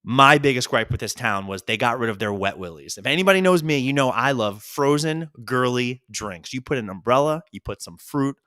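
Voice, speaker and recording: Lively man telling rambling stories. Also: mid-range voice, dry recording, clean studio sound. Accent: New York. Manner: rambling, self-mocking anecdotes with quick voiced asides. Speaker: podcast host. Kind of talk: solo comedic storytelling.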